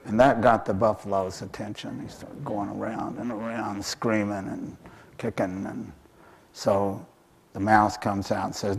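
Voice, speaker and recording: A man's voice: fairly low pitch, level tone, unhurried, husky. A man telling an animal folk tale in a talk, hesitant and full of fillers. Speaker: author and speaker.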